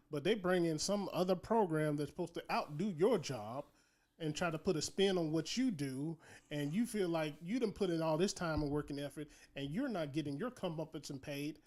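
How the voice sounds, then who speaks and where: Emphatic higher-voiced man co-hosting. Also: moderate pace, darkish tone. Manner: emphatic, rhetorical "guess what" build-ups. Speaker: podcast co-host. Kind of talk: casual chat.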